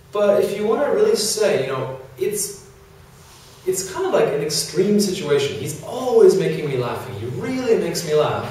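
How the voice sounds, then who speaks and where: A man's voice: sits high, sing-song, a little slow, a little mellow. A man teaching an English grammar lesson to a class, explaining with many examples and fillers. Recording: echoey classroom from far off.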